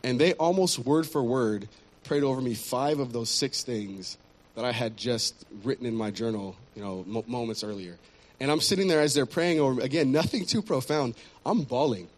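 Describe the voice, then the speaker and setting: A man's voice: mid-range voice, normal speed. A man giving an earnest personal testimony in church, often restarting and repeating words.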